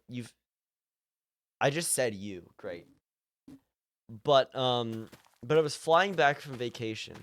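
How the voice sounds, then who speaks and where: A man's voice: on the low side, a bit bright, clear, resonant tone. Self-amused young man streaming live. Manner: rambling, self-amused, breaks into laughter often. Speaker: livestreamer. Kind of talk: casual live-stream chat.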